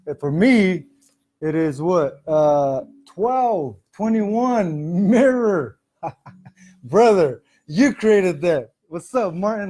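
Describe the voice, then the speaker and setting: A man's voice: sits high, dark tone. A man hosting a casual spiritual livestream from home, talking loosely and chatting with his viewers. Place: home, music playing softly behind. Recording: faint music in background.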